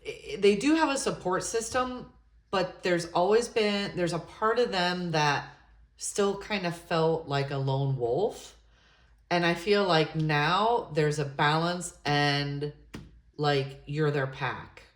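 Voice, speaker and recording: Slow, gushing woman reading tarot. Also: on the low side, roomy sound. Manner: effusive, gushing exclamations; intuitive, musing with hesitant fillers. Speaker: tarot reader. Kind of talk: tarot love reading to camera.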